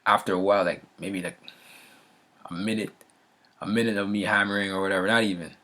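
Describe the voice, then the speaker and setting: A vlogger tells a story loosely and casually, his voice on the low side, brisk and sharp-toned with fairly even intonation. He keeps checking in with the listener, restarting sentences, using lots of fillers and laughing now and then.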